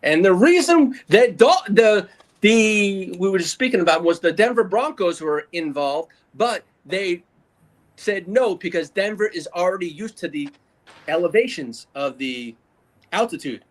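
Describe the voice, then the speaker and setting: A man's voice: sits high, expressive, a little slow. A man co-hosting a casual sports talk show, reading out news items in an easygoing way. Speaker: co-host.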